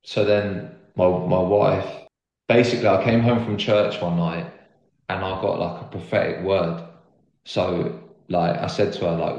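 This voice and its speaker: A man's voice: low-pitched, flat delivery, measured pace, darkish tone, dull audio. A young man telling the story of his faith as an interview guest, earnest and rambling, with lots of "like" fillers. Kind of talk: casual conversational testimony. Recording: roomy echo.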